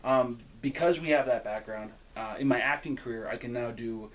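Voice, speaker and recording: A man's voice: medium pitch, normal speed. A young man, a wrestler and guest, telling stories in casual chat, laughing often and swearing freely. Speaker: guest, local wrestler and former tour actor.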